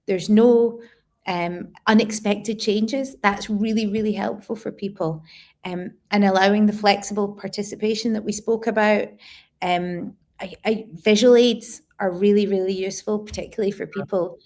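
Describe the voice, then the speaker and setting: A woman educator answers interview questions in a plain conversational way, with a voice of ordinary middle pitch. She lays out practical tips step by step and doubles key words for emphasis. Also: a little mellow. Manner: explanatory, repeats words for emphasis. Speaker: guest educator.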